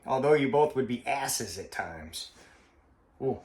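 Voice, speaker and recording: A man vlogging in a slow, halting, heartfelt way, with a frequent cough. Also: mid-range voice, animated, darkish tone. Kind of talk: personal vlog monologue. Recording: roomy echo.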